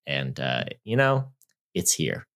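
Animated man riffing on movies. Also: slow. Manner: animated, jokey, laughs often, swings from high excitement to low mutters. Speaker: podcast co-host. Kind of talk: casual movie review chat.

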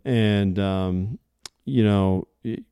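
A man's voice: on the low side, drawn-out words, warm tone, clean tone, no room sound, studio quality. A man hosting a podcast, talking in an enthusiastic, rambling way. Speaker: podcast host. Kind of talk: casual podcast interview.

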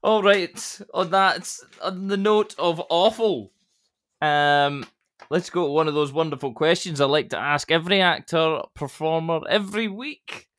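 Higher-voiced male podcast host, jokey. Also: a little slow, fairly bright tone. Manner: jokey and laughing, teasing the guest. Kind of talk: casual interview chat.

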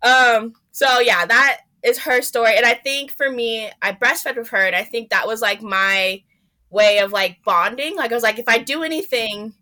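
A woman with a fairly high, bright voice tells a personal story as an interview guest. She talks in an animated, chatty way and acts out her own past lines in a raised voice. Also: moderate pace.

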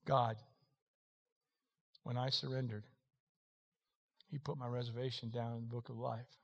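A middle-aged man preaching a sermon, moving between quiet talk and shouting, with folksy asides. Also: mid-range voice, little pitch movement, unhurried, gravelly. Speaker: pastor. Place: church hall. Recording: long hall reverb.

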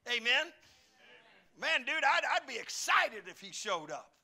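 A man preaching an animated, joking sermon and speaking directly to his congregation. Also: very high-pitched, measured pace. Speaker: pastor.

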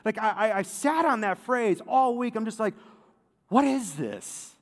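A male pastor preaching a sermon in a casual, animated way, full of fillers and asides. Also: high voice, normal speed, long reverb tail.

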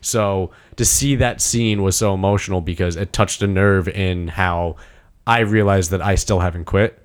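Young man, low-pitched, excitable storyteller, casual swearing. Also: normal speed, smooth. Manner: excited, swearing, acts out movie quotes. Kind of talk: casual chat.

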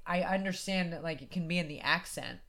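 A woman's voice: lowish voice, a little fast, a bit bright. A woman from the United States, chatting casually as a podcast co-host, rambling and filling her talk with "like.". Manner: rambling, lots of "like" and hedging. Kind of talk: casual chat.

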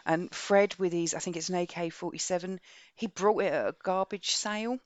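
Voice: medium pitch, fairly even intonation, brisk, no room sound. A podcast co-host recapping a book's plot in a casual, rambling way, with many restarts.

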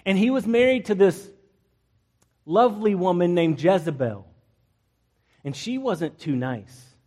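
A male pastor preaching a lively, conversational sermon, joking with the congregation and acting out the people in the story. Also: high-pitched, measured pace. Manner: acts out biblical characters in playful asides, jokes with the congregation.

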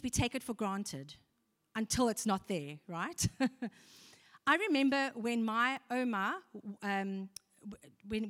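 Woman preacher with a slightly high voice, earnest and chatty with the congregation, recorded in a hall with a long echo. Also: fairly bright tone. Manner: earnest, conversational, with rhetorical questions to the congregation. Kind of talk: sermon.

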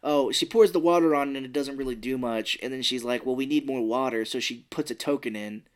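A man's voice: mid-range voice, brisk. A man co-hosting a podcast, casually retelling a movie scene by scene, acting out quotes now and then. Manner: animated retelling with acted quotes and swearing. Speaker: podcast co-host. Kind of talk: casual movie recap chat.

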